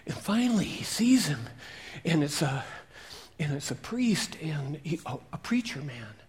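A male preacher telling a Bible story in a lively, interactive way, asking his listeners questions as he goes. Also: on the high side, measured pace. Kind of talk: storytelling sermon.

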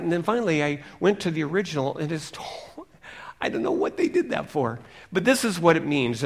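A middle-aged man preaching a sermon, reading scripture with emphasis and dropping to hushed asides. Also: fairly high pitch, creaky. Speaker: pastor.

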